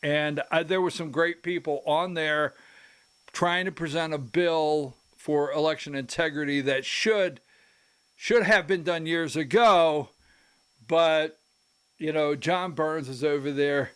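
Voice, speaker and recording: A man's voice: fairly high pitch, takes it slowly, fairly bright tone, smooth. A man hosting a political commentary show who rambles, breaks into his own sentences and adds emphatic asides. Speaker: host.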